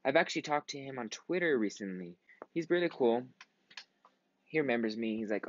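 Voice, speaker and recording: A man's voice: on the low side, brisk, no room sound. Young man, gaming commentary, rambling, tired, swears a lot, dull lo-fi sound. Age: 20s. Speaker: gaming vlogger. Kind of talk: casual gameplay commentary.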